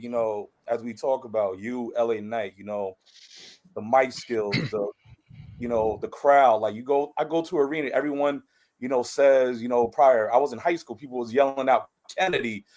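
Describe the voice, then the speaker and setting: A man co-hosting a podcast, chatting casually in an excitable, playful way with sudden bursts of emphasis. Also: medium pitch, moderate pace. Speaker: podcast co-host. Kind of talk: casual interview chat.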